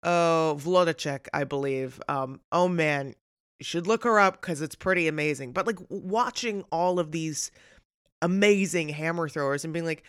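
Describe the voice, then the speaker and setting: A woman's voice: deep voice, normal speed, smooth, no room sound, studio quality. A woman who acts for a living, chatting casually and animatedly about a film, with many fillers. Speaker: podcast co-host and actor.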